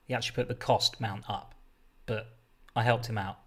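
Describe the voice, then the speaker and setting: A man's voice: fairly low pitch, fairly even intonation, measured pace, long pauses, bright, forceful tone. Rambling man hosting a livestream. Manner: rambling, chatty, self-interrupting. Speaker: livestream host. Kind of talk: casual livestream chat. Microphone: desk setup with a mixer.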